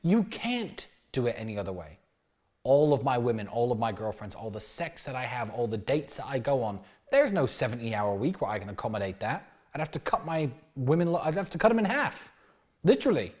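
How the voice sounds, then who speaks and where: A man in his thirties giving a brash, animated dating lecture, often acting out bits of dialogue. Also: medium pitch, brisk. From United Kingdom. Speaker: dating coach. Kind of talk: lecture-style monologue.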